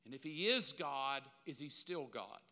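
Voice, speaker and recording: Bright-voiced preacher man, hall reverb. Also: mid-range voice, animated, normal speed. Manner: emphatic, repetitive preaching with casual slang. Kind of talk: sermon. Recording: long reverb of a large hall.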